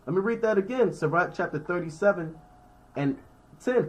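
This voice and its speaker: A man's voice: sits high, animated, moderate pace. A man teaching scripture informally, reading verses and explaining them in a slangy, conversational way while checking in with his listeners. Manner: reads verses then explains them with everyday examples.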